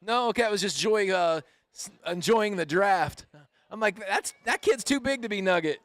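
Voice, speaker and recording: A man calling a street bike race live outdoors, excited and playful, cheering the riders on. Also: high voice, moderate pace, no echo. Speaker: race announcer.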